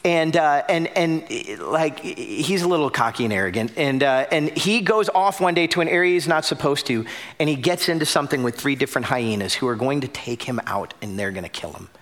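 A young adult man preaching a sermon as pastor, telling a story with loud bursts and hushed drops. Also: on the high side, expressive, fairly quick.

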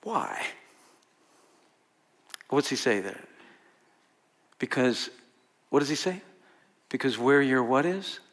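Addressing a roomful of listeners, a male pastor keeps his sermon conversational, asking them questions and laughing a lot. His voice is mid-range and a bit bright.

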